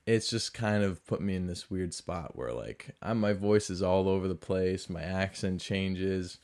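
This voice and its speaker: A man with a mix of Southern US and Boston accent, hosting a podcast in a rambling, self-mocking storytelling style. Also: low voice. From American South and New England. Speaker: podcast host. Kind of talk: casual storytelling monologue.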